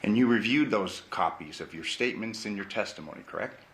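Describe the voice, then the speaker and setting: A man's voice: lowish voice, animated, brisk, fairly bright tone, a little hiss or hum. Man cross-examining a witness in court. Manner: pressing, repeats "correct?" to pin down answers. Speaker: defense attorney.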